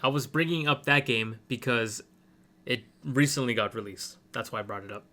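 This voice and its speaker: A man co-hosting a casual gaming podcast, talking in a relaxed, rambling way full of fillers. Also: medium pitch, normal speed. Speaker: podcast co-host.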